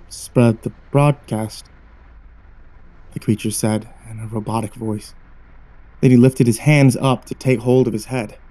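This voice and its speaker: A man hosting his channel, narrating a first-person horror story with dramatic, tense pauses. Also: medium pitch, warm tone.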